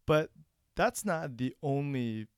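A man earnestly discussing a sermon in a relaxed, reflective church podcast conversation. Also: medium pitch, takes it slowly, clear, resonant tone, dry recording, studio quality.

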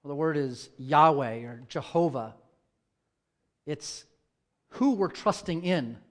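A man preaching from the pulpit in a voice pitched a little above most men's. He drops to a near murmur in prayer and climbs to loud, fervent emphasis when retelling scripture scenes. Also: lively intonation, slow. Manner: reads scripture, prays softly, then tells stories and rises to loud dramatic peaks. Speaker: church elder preaching. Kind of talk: sermon.

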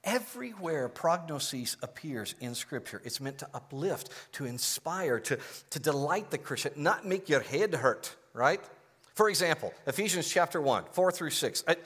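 A man's voice: on the high side, animated, moderate pace, fairly bright tone, breathy edge. A male pastor preaching a sermon in a conversational, explanatory way, asking the congregation to answer aloud.

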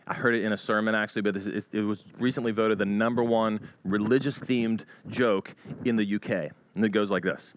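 A pastor preaches with animated storytelling, acting out a joke in rising voices. His lowish voice moves fairly quickly, captured in poor audio with a slight hiss or hum.

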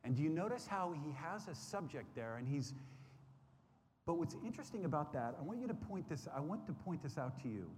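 With a fairly high but darkish voice that swings widely in pitch, a Sunday school teacher talks briskly to his Bible study class. He repeats phrases earnestly and often restarts with fillers, recorded in a roomy hall with faint background noise.

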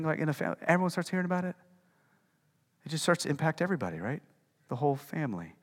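A man's voice: a little high, in a large hall. A male pastor preaching a sermon in a conversational way, putting questions to the congregation and repeating words. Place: church hall.

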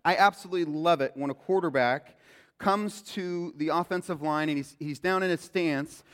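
A man preaching a sermon as pastor, animated and acting out quoted lines in a loud voice. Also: fairly high pitch, normal speed. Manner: animated, acts out quotes loudly. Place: church sanctuary. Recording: long hall reverb.

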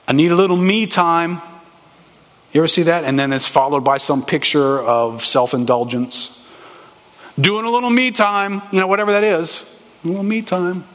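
A man preaching a sermon as a pastor, animated and conversational, asking the congregation rhetorical questions. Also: mid-range voice. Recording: echoey hall, long reverb.

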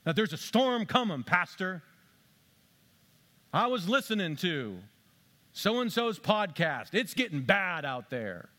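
A man's voice: sits high, sing-song, slow, pauses often, bright, forceful tone. A male pastor delivering a sermon in a conversational way, asking the congregation rhetorical questions and slipping in dry, sarcastic asides.

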